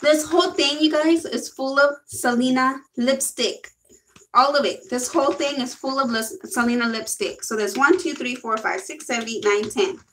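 A woman's voice: high-pitched, normal speed, fairly bright tone, a little hiss or hum, rough recording. A young woman gushing and giggling through a casual makeup haul video. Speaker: beauty vlogger.

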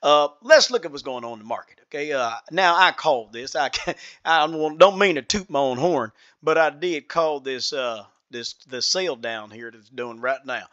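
A man's voice: a little high, expressive, moderate pace, fairly bright tone, dry recording, highs cut off. A man voicing a folksy, self-assured Southern market trader, with a put-on Southern US accent and a drawling way of talking. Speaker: trading analyst. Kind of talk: chart analysis in character.

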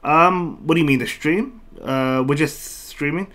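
A streamer with a fairly high, fairly bright voice commentates his online matches at a measured pace. He chats with viewers between moves, reads their comments out, thanks them, and tends to repeat himself.

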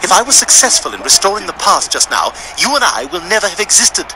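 Cartoon time traveler, know-it-all, lecturing, fast, lively pitch. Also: male voice, noisy background. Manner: lecturing, precise.

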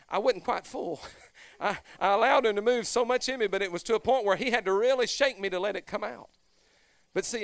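A man preaching a fervent Pentecostal sermon as pastor, swelling from low, conversational stretches into shouted whoops. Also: dry recording.

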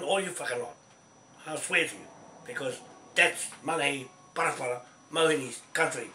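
A man's voice: mid-range voice, a little fast, bright, forceful tone. A man with a New Zealand accent delivering an angry, profane monologue as a land claimant, ranting and coughing now and then. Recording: roomy, distant mic, faint noise.

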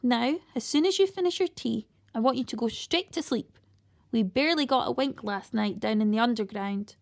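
A woman voicing a stern old grandmother in a children's story, talking in a brisk, matter-of-fact way. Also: a little high, creaky. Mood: firm.

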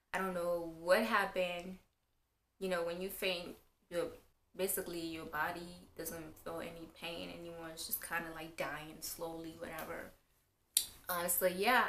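Her voice sits on the low side with a touch of brightness, against slight background noise and a roomy echo. She's a young vlogger doing a loose storytime, retelling something that happened to her in a meandering, filler-heavy way.

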